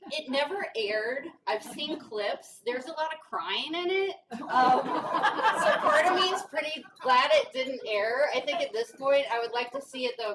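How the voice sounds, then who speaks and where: A woman from rural Kentucky giving a humorous talk to an audience, telling stories in a self-deprecating way. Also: sits high. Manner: joking, self-deprecating storytelling. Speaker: guest speaker. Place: brewery event room, indoors. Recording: distant mic with faint noise.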